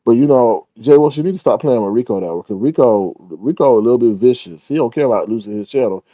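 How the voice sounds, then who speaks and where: A man hosts a casual live stream and talks straight to his viewers. His voice swoops up and down with a lot of life, and he often breaks into excited exclamations. The tone is warm and dark, and the sound is close and dry. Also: medium pitch, quick pace, no echo, lo-fi sound.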